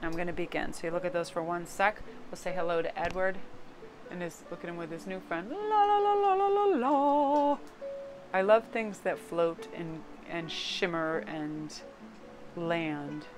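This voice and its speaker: A woman's voice: lowish voice, fairly even intonation, moderate pace, music in the background, rough recording. A middle-aged woman from Connecticut giving a casual, chatty tarot card reading. She swears casually and slips into joke accents now and then. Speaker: tarot reader.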